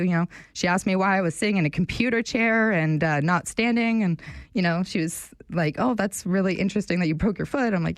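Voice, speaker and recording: Young radio host, woman, animated and chatty, dry studio sound. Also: medium pitch, fairly quick, no echo. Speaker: radio show fill-in host. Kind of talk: casual talk radio chat.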